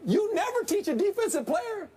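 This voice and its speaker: A former coach turned analyst, his high voice jumping up and down as he makes plain-spoken, folksy points. A faint background hiss runs under him. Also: very animated, normal speed, warm tone. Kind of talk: sports debate commentary.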